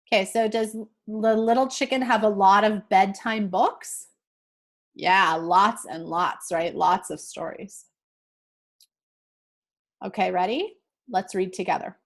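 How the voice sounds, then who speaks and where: A woman teacher slowly reading a picture book with young learners, explaining words and checking in often with "okay?". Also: medium pitch. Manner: slow, clear, checks in with frequent "okay?".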